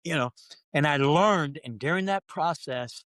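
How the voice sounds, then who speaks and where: A middle-aged man, a pastor, telling a personal story on a podcast and acting out his own prayers, his voice climbing as he gets excited. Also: a little slow, no echo. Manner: animated storyteller who acts out his own prayers, pitch rising when excited.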